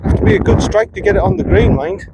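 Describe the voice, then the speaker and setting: High-voiced self-critical golfer outdoors. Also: male voice, wildly swooping pitch, fast, heavy background noise. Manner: chatty, self-critical, muttering and swearing at himself. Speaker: golf vlogger. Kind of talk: casual on-course commentary. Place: outdoors on a golf course.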